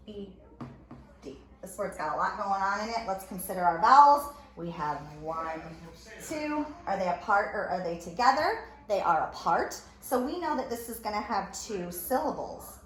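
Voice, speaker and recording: A woman's voice: mid-range voice, fairly bright tone. A woman teacher giving a recorded phonics lesson, sounding out letters and word parts one at a time. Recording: echoey room with faint ambient noise.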